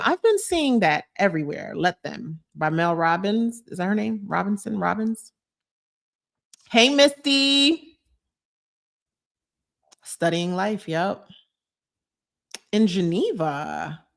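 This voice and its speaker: Gushing woman chatting on a live stream. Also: on the low side. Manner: gushing, animated, reads out viewer comments. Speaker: vlogger hosting a live chat. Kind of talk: casual live-stream chat.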